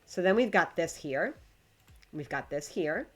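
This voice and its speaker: Speaking in a low, expressive, unhurried voice, a woman builds on a livestream. She keeps up casual talk with her viewers and the game, and swears when it gets frustrating.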